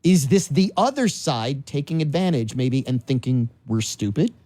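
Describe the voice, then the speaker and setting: A man's voice: medium pitch, expressive, moderate pace, mellow, dry recording. A man in his forties from New Orleans, hosting a casual political talk radio show in a studio and musing aloud with rhetorical questions. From New Orleans, Louisiana. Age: 40s. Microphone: studio microphone.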